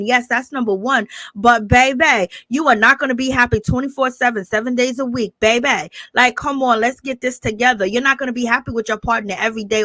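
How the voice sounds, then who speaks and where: A chatty woman hosting a gossip livestream, her voice sitting a little high. She talks straight to her viewers, greeting them by name and calling them baby. The recording is dry and close, with no room sound. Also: sharp tone, no echo. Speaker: gossip show host. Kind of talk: casual commentary livestream.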